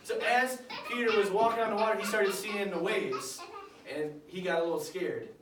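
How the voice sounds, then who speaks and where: A man teaching children a Bible lesson, acting out the characters with bursts of loud shouting. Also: high-pitched, normal speed. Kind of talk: animated Bible story lesson for kids. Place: church classroom with children. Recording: echoey room, distant mic, noisy.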